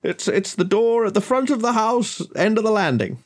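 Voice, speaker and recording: A man voicing a jovial, portly, wealthy older gentleman who stammers and gushes over his guests. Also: high voice, lively intonation, normal speed, voice pushed up. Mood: fussy. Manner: flustered, stammering, effusive.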